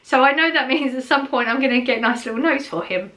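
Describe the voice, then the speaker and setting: A woman's voice: high-pitched, lively intonation, fast talker, fairly bright tone. Chatty middle-aged woman vlogging. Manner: chatty and rambling, with many fillers and restarts. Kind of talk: casual chat to camera.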